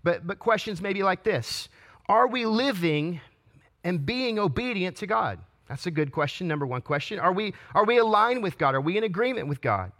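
A man's voice: high voice, sharp tone. A man preaching a sermon, asking earnest rhetorical questions and stumbling into restarts as he reads and explains scripture. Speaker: pastor.

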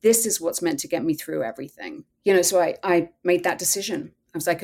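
A woman's voice: lowish voice, fairly quick, hardly any pauses, a little mellow. A woman guest telling a personal story in a podcast interview, earnest and candid, often quoting her own thoughts.

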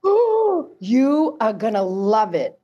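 A woman chatting as a guest, telling stories in a lively way and laughing often. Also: fairly high pitch, moderate pace, highs cut off. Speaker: guest, casting agency co-owner. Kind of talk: casual chat.

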